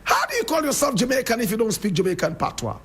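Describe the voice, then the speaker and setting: A man's voice: very high voice, wildly swooping pitch, quick pace, fairly bright tone, slightly rough. A Ghanaian man with a Ghanaian English accent giving a fiery, preachy radio monologue and calling his listeners brother and sister. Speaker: radio show host.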